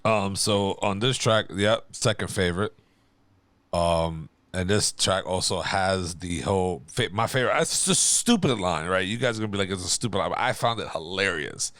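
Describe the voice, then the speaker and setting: A man's voice: low voice, animated, normal speed, fairly bright tone, dry recording. A man co-hosting a casual music podcast in a laid-back, loose way with plenty of swearing. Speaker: podcast co-host. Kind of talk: casual chat.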